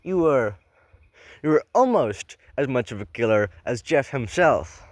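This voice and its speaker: A man's voice: medium pitch, expressive, a little slow, no room sound. A man reading a story cold and stopping often for sarcastic, swearing asides. His voice sits in a middle range for a man and is recorded dry and close, with no room sound. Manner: sarcastic, profane, rambling asides. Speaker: channel host reading a horror story. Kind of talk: blind reading with comedic commentary.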